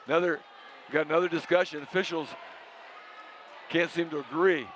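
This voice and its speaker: A man doing play-by-play commentary for a high school basketball game, calling plays in short, brisk bursts. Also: fairly even intonation, fairly bright tone, slight background noise. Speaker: play-by-play announcer.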